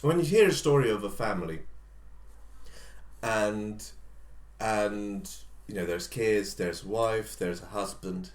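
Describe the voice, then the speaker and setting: A man's voice: on the low side, slow pace. A man co-hosting a podcast, telling a long comic story in a rambling way with fillers and jokey asides. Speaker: podcast co-host. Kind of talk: casual comedic storytelling. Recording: roomy echo.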